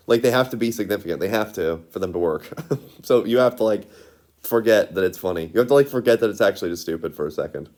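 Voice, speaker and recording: A man with a lowish, faintly mellow voice chats in a loose, rambling monologue. He giggles a lot, says "like" constantly, and keeps restarting his sentences.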